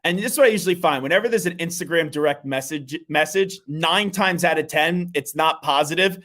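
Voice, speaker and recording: A man who hosts national sports radio, here chatting as a guest in a fairly high voice. He talks fast with confident energy and a self-mocking streak. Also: a bit bright. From Philadelphia area. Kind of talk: casual sports radio chat. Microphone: remote guest line.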